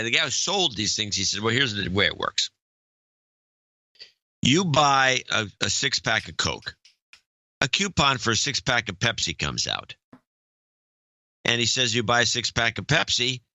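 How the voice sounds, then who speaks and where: Podcast co-host guy from california, super bright tone, dry close sound, rambles on. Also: on the low side, no room sound. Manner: rambling storyteller, wry. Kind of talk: casual chat.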